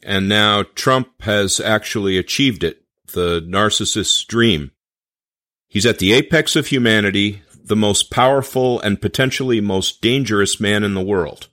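Man, low-pitched, podcast co-host, brief replies, dry sound. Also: measured pace, fairly bright tone, no room sound. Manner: brief agreeing replies, reads topic cues. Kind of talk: political discussion podcast.

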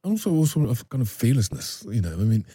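A man, an actor guest recounting a personal story in a halting way, often repeating words and restarting. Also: medium pitch, very animated, mellow, breathy edge, no echo.

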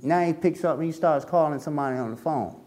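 A man's voice: quick pace, darkish tone. A man recounting his own past in candid spoken storytelling, in casual slang, acting out the voices of other people. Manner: casual street slang, acts out quoted voices with shifts in pitch.

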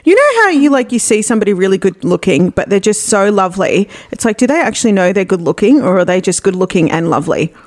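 Woman, podcast co-host, crude and sweary storyteller, bouncy animated pitch. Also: fast talker, hardly any pauses. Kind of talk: casual chat.

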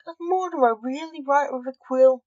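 A woman's voice: sits high, normal speed, warm tone, no echo, muffled recording, voice pushed up, lightly acted. A woman voicing a chirpy, teasing masked chicken in a storybook reading.

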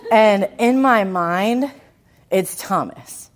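A woman preaching a sermon, telling the story in an animated way, with emphatic lines that swing from loud to hushed. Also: mid-range voice, very slow.

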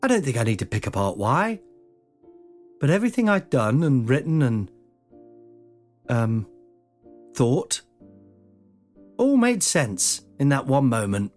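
A man's voice: medium pitch, measured pace, long pauses, soft background music. A man in his forties casually telling a funny personal story as podcast host, swearing and acting out the voices. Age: 40s. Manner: lively, swears, acts out voices.

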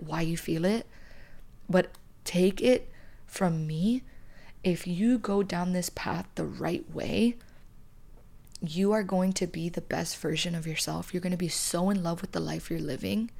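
A woman's voice: on the low side, gravelly. A young woman hosting a podcast, giving emphatic, blunt breakup advice and swearing freely. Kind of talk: advice monologue.

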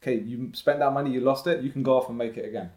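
A man's voice: mid-range voice, rapid-fire, a little mellow. A man from Slough with a London-area English accent, a guest talking property investing in an emphatic, motivational way in a casual podcast chat. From Slough, England. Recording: roomy echoey room.

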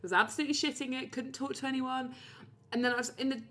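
A young British woman with a bright, clear, fairly high voice, chatting casually as a podcast co-host. She tells her story freely, laughs a lot and swears easily. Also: steady tone, fast talker. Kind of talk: casual chat.

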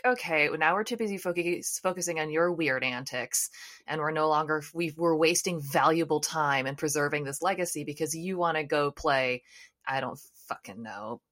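A woman hosts a podcast in a loose, casual chat. Her voice sits low, and she talks frankly, swears now and then, and laughs easily. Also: a bit bright. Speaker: podcast host. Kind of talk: casual conversational interview.

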